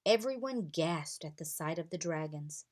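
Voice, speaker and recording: A woman reading a children's chapter book aloud with expressive storytelling. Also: low voice, normal speed. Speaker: reader.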